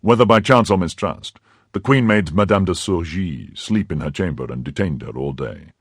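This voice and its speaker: A man voicing a loyal count who reports to his master in a brisk, confiding way. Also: low voice, expressive, breathy edge, dry recording, clean studio sound, heavily acted. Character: loyal male count, eager agent, brisk.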